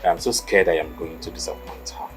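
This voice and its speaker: In this film scene, a middle-aged actor plays a worried widowed father who confides in his maid, acting as both her employer and a parent. His low voice is fairly even in intonation and runs a little fast, with loud music playing behind it. The mood is anxious throughout.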